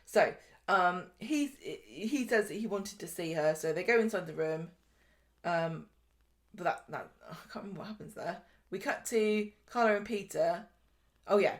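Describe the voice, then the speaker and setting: A woman's voice: on the low side, normal speed. Chatty woman recapping. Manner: chatty, jokey, acts out characters' lines. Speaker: podcast host. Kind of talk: casual soap recap chat.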